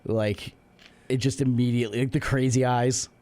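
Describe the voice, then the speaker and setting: A man's voice: medium pitch, steady tone, moderate pace, warm tone. A man co-hosting a community radio talk show, easygoing and laughing along while asking musing questions. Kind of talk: casual banter on community radio. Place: radio studio.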